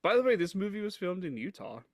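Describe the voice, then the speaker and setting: Lively laughing guy, dry close mic. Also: high voice, fast, no room sound. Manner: lively storytelling, laughs often. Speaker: podcast co-host. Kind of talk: casual movie discussion.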